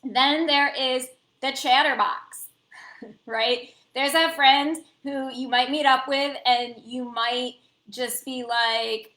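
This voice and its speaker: A woman's voice: high voice, steady tone, takes it slowly, sharp tone, echoey room. A woman talking casually to her viewers, chatty, with lots of fillers and small laughs. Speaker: self-help vlogger. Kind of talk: casual talk to camera.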